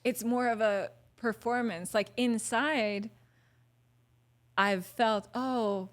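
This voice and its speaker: Candid woman, casual and animated. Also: a little high, slow. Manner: candid and animated, swears, acts out her own thoughts. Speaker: podcast guest, hypnotherapy practitioner. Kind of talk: casual podcast conversation.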